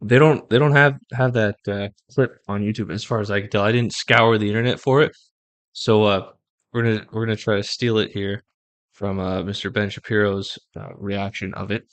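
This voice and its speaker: A man's voice: on the low side, steady tone, moderate pace, no room sound. A man co-hosting a casual podcast, talking hesitantly with lots of fillers while eating pizza. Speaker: podcast co-host.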